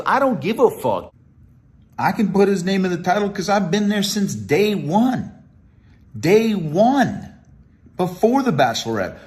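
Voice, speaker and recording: A young man delivering an angry, profane rant at someone, mocking him and calling him "dude" again and again. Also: on the high side. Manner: heated, profane, mocking, repeatedly says "dude". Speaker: YouTuber responding to a video.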